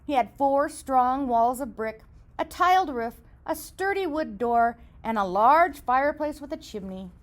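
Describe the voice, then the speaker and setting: A woman reading a children's story aloud in an expressive, sing-song storytelling manner. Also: sits high, unhurried.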